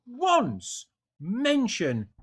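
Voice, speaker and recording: A man's voice: extremely high pitch, wildly swooping pitch, very slow, crowd noise. An English man debating as a caller, talking passionately and stumbling over repeated words. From England. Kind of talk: heated casual debate.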